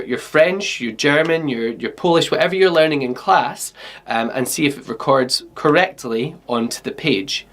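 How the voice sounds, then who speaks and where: Scottish guy teaching kids, chatty and easygoing, lots of okay and um, middle pitch. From Scotland. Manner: chatty, instructive, often saying okay and um. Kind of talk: online classroom workshop.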